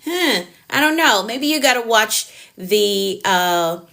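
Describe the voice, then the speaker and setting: A middle-aged woman with a Jamaican accent leads a live coaching stream as a productivity coach. She talks fast and passionately in a mid-pitched voice and speaks directly to her viewers. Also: animated, creaky, fairly bright tone.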